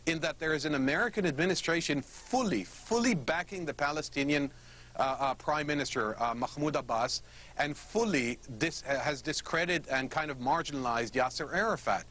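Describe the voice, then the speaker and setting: A man who is an ambassador, a guest in a political interview, speaking in a measured way with many hesitations. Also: fairly high pitch, a bit bright, a little hiss or hum. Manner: measured, full of hesitations and fillers.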